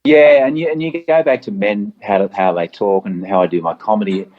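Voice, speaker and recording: A middle-aged Australian man talks in an easygoing, storytelling way, often breaking into laughter. His voice sits on the low side. The recording sounds a little dull and lo-fi. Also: brisk. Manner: laid-back storytelling with frequent laughs and acted quotes. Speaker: comedian guest. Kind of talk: casual chat.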